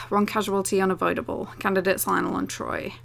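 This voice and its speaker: A woman voicing a cold computer system in a game, reading out its announcements in a flat, clipped way. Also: mid-range voice, brisk, gravelly. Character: cold machine announcing casualty calculations.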